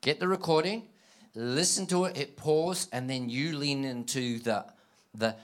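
Animated male preacher rallying a congregation. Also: medium pitch, unhurried. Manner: animated, call-and-response with the congregation; acts out quoted dialogue in scripture. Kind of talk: sermon.

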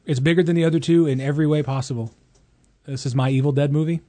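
A man's voice: on the high side, quick pace, no echo. A man in his forties co-hosting a casual movie chat podcast, swearing, joking and ranting. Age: 40s. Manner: animated, profane, ranting. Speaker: podcast co-host.

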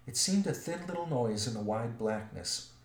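A man narrating a storybook in a measured, expressive way. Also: medium pitch. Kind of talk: storybook reading. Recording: roomy echo.

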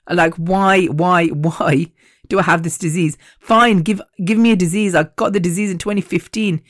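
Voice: mid-range voice, moderate pace, dry recording, clean studio sound. A podcast host in their fifties, talking in a blunt, profane personal monologue and often groping for words. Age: 50s.

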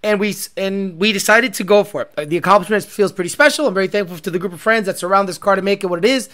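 A man hosting a casual livestream, profane and loud, congested and short of breath. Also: high-pitched, rapid-fire. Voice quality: profane, loud and brash, shouts sponsor names. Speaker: car-scene livestream host.

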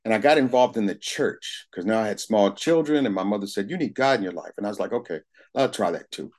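A middle-aged man shares his own story at a recovery meeting, candid and plain-spoken, with a bit of casual swearing. His voice sits a little low. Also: animated, a little fast, a little mellow. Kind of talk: personal testimony at a recovery meeting.

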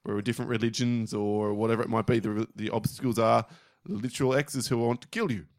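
A man's voice: mid-range voice, fairly even intonation, fairly quick, no echo, studio quality. A man co-hosting a podcast, chatting casually with blunt, sweary opinions. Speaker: podcast co-host. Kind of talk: casual chat.

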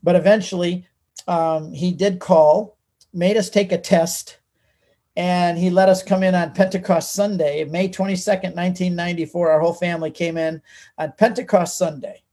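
An older man, a guest author, telling his personal story in an animated, emotional way. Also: high-pitched, moderate pace. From United States.

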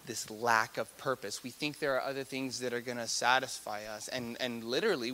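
Bright-voiced animated male preacher. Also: medium pitch, slight background noise. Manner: animated, swings from loud to hushed, repeats words. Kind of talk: sermon.

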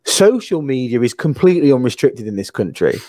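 A man in casual chat, earnest and questioning, with halting restarts. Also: medium pitch, very animated, warm tone, dry recording.

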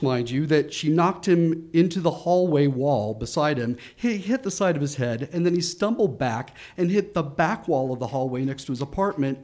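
A man telling a first-person story, animated and full of laughing asides. His voice sits on the high side for a man. He acts out his own panic with lively, quick bursts. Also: slight background noise.

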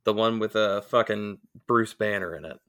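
A man's voice: on the low side, normal speed, sharp tone. A man co-hosting a casual podcast, making wry, profane asides. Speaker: podcast co-host.

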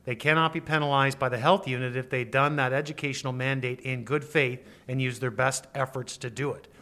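A male lawyer explaining rules in an interview, speaking in a measured, precise and formal way. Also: mid-range voice, fairly even intonation, sharp tone. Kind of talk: expert interview.

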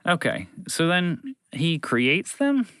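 A man playing a bunch of curious, nitpicking kids who pester the storyteller with endless questions, pitched up high. The voices bounce around with lively inflection, in a dry, close recording. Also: takes it slowly, dry recording, heavily acted. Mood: questioning.

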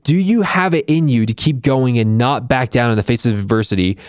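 A man's voice: medium pitch, fairly quick, a little mellow, no room sound, clean studio sound. A man hosting a music production channel, reading motivational text aloud and talking with emphatic energy. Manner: fired up, emphatic. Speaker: host.

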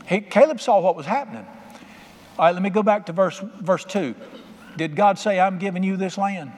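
A man preaches in a folksy, animated way, slipping in punchy asides between scripture lines. His voice sits a little high for a man. It rings out with the long echo of a large church sanctuary. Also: moderate pace. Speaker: pastor. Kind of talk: sermon.

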